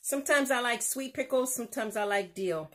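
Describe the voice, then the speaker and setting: A woman's voice: on the high side, brisk, noisy background. A woman hosting a casual home cooking demonstration, chatty and exuberant, laughing often as she talks through each step. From United States. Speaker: cooking show host.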